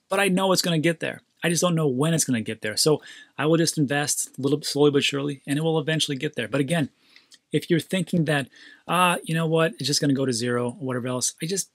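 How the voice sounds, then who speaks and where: A man hosting his own channel, talking in a quick, excitable rant straight to his viewers. His voice sits a little high for a man and sounds dry and close, with no room echo. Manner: excitable, ranting, talks to viewers directly. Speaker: crypto channel host. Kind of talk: casual commentary monologue.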